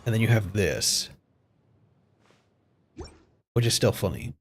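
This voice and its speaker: Excitable man streaming, swearing freely. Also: lowish voice, slow pace, creaky, a little hiss or hum. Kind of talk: casual live-stream commentary.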